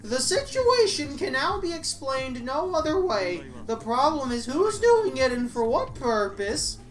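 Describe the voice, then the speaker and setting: A woman voicing a grown male police enforcer who talks slowly, loud and emphatic. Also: big pitch swings. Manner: slow, loud and emphatic, raised pitch.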